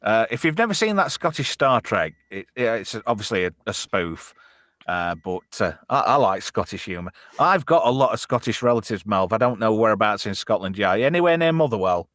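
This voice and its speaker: A slightly drunk man hosts a casual show, rambling between topics and swearing freely. His pitch swings about a lot. The sound is dry and close. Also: sing-song, fairly quick, fairly bright tone, no echo. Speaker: show host reading chat. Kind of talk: casual chat.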